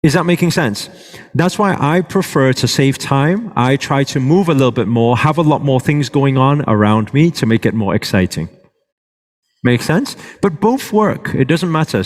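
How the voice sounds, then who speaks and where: A man teaching a live workshop to an audience, checking in with them often and moving around as he speaks. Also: mid-range voice. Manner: moves around while speaking. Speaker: workshop presenter. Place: large hall with a live audience. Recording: reverberant hall.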